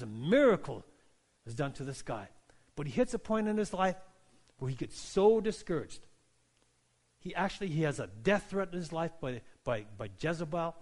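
High-voiced man preaching a sermon. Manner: preaching, swings from hushed to loud and rising; asks the congregation questions, repeats phrases. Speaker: pastor.

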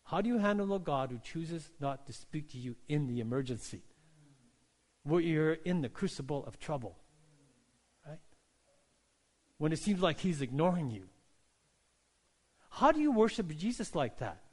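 High-pitched guy preaching, goes from hushed to loud, keeps asking the crowd questions. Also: very animated, moderate pace, long pauses. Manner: asks the congregation questions, repeats phrases. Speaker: pastor. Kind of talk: sermon.

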